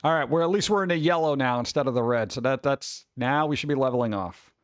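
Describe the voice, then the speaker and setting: With a medium-pitched voice and a quick pace, a man running a casual livestream rambles through his chat with viewers, exclaiming and griping about his connection. The recording is dry.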